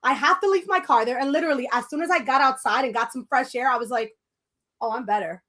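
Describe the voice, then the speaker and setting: Woman, podcast co-host, high voice, chatty bilingual storyteller who acts out every quote. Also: quick pace, pushed and bright. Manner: switches between English and Spanish mid-sentence. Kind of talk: casual chat, telling a story.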